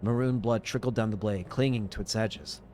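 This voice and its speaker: A man's voice: lowish voice, a little mellow. A young man playing a visual novel, reading its narration aloud and reacting casually. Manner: casual, reacting with quick exclamations. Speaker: game streamer.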